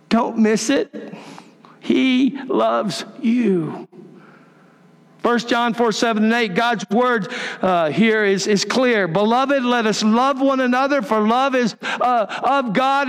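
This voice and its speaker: A pastor preaching a sermon in a church, emphatic and repetitive, sometimes dropping to a soft near-whisper. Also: male voice, very high voice, clean tone. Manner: emphatic, repeats key phrases, drops to a soft near-whisper. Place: church sanctuary. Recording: long reverb of a large church hall.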